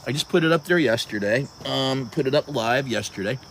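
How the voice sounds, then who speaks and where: Outdoors at sunset, a talkative livestream host in his early sixties chats with viewers, addressing them by handle and frequently starting his sentences over. He speaks a little fast in a mid-range, fairly bright voice. The audio carries a little hiss or hum.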